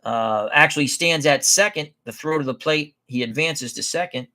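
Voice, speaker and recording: A man's voice: on the high side, bright, forceful tone. A man hosting a tabletop baseball game, giving chatty play-by-play commentary and correcting himself as he goes. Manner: chatty, unhurried, self-correcting.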